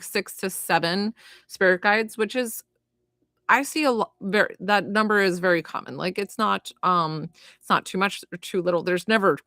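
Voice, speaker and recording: A woman giving a live spirit reading as a medium, chatty and filled with "like" and "you know", gentle and consoling as she passes on messages. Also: medium pitch, no room sound. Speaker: psychic medium.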